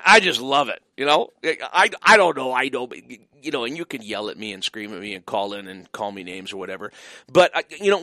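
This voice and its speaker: A man's voice: fairly high pitch, sharp tone, no echo, studio quality. Emphatic, mocking talk radio man. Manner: emphatic, mocking, many fillers. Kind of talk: opinionated radio monologue.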